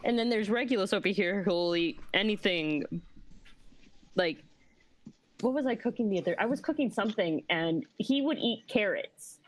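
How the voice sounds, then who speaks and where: A woman's voice: medium pitch, animated, normal speed. A woman player in casual chat, telling stories in a rambling, amused way.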